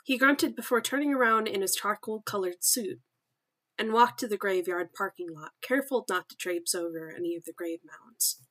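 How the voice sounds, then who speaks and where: A young woman on a casual livestream, reading her own story in a bright, forward voice. She often stops to giggle, curse and make remarks about her own writing before diving back into the narration. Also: medium pitch, moderate pace.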